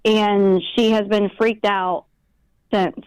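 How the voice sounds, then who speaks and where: A middle-aged woman calling in to a live show, hesitant and halting as she tells her story. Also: medium pitch, flat delivery, a little mellow, poor audio. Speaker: caller.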